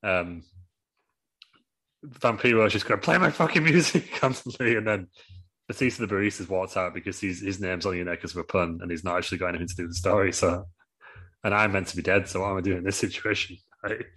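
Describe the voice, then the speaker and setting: Husky man telling comic story. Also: low voice, fast, sharp tone. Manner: rambling, laughing through the story. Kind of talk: comedic storytelling.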